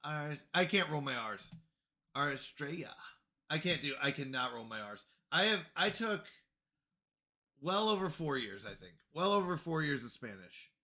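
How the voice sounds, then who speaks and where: A man talks to his live chat while he plays a game. His voice sits a little high and sounds very bright and forward. He comes across as flustered and apologetic and repeats short phrases while he fixes things. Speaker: livestreamer. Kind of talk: casual live gaming stream chat.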